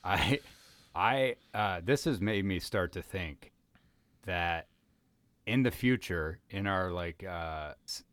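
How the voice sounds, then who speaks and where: Deep-voiced rambling male podcast host. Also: animated, slow pace, fairly bright tone, dry recording. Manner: rambling, many fillers and restarts. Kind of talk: comedic casual chat.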